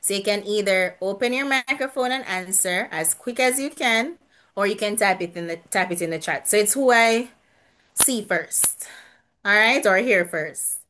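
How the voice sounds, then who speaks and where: Her voice is mid-range and a bit bright, moving at a moderate pace as she runs a relaxed video-call quiz for an online church group. Chatty and quick to laugh, she frequently starts her sentences over.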